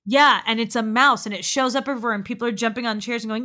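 A woman co-hosting a podcast, chatting casually about a film, animated and laughing, swearing freely. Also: a little high, fast. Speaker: podcast co-host. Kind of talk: casual film discussion chat.

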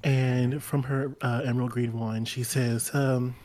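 Brief: excitable player in a tabletop game, mid pitch, giggly. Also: unhurried. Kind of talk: casual tabletop play.

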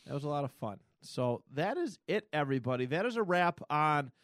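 A man's voice: fairly high pitch, sing-song, a little fast, fairly bright tone, no echo, studio quality. Easygoing man hosting a podcast. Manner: easygoing, wraps up the show. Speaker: podcast host. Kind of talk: casual chat.

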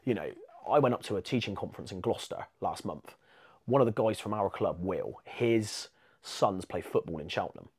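A man with an English accent telling stories in a casual podcast chat, animated and laughing through his anecdotes. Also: on the low side, moderate pace, husky. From England.

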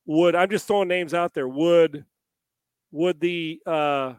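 A man talking sports in a loose, rambling way, piling up rhetorical questions one after another. His voice sits a touch high for a man and is recorded close and dry, with almost no room sound. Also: slow, clean tone, no room sound. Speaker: sports show co-host. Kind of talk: casual sports talk.

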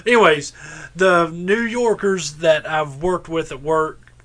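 A man's voice: on the high side, steady tone, slow pace, fairly bright tone, slight background noise. A man with a Southern US accent, co-hosting a podcast in casual, rambling chat, laughing often and swearing freely. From American South. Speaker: podcast co-host.

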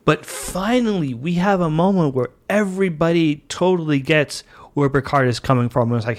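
A man's voice: fairly high pitch, normal speed. A man hosting a podcast, talking in a casual, enthusiastic and chatty way as a fan. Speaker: podcast host. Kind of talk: casual monologue.

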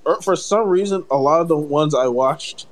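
A man's voice: on the high side, normal speed. A man co-hosting a casual podcast chat, giving blunt opinions with lots of restarts. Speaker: podcast co-host.

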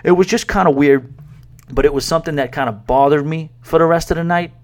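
A man's voice: on the high side, a little fast. Rambling male podcast host from New York. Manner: rambling, conversational, many fillers. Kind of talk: casual storytelling. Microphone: podcast microphone.

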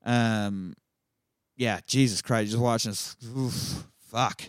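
A man hosts a casual movie show and walks through a film scene by scene, cursing often and breaking into laughter along the way. His voice sits at an ordinary middle pitch. It sounds close and dry, with no room sound. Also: steady tone, smooth, no room sound. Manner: profane, chatty and quick to laugh, acts out quotes. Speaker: movie podcast host.

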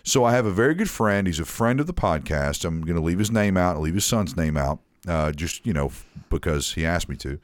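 Deep-voiced rambling male podcast host. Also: animated, fairly quick, few pauses, no room sound. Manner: rambling storyteller with many restarts and fillers. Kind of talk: casual podcast chat.

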